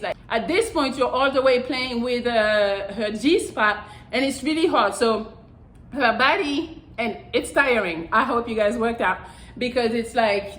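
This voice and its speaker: Young female vlog host, higher-pitched, blunt and profane, casual delivery, echoey room. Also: fairly bright tone. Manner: blunt, profane, repeats "I'm telling you". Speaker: channel host. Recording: roomy echo.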